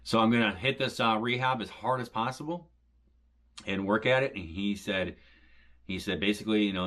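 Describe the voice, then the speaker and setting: A man's voice: fairly low pitch, moderate pace, a bit bright. A man, recovering from back surgery, giving a rambling casual update to his viewers and retelling his conversations. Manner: rambling, repeats "and stuff" and "he says", retells conversations. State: recovering from back surgery, occasional pain when coughing. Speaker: homestead vlogger.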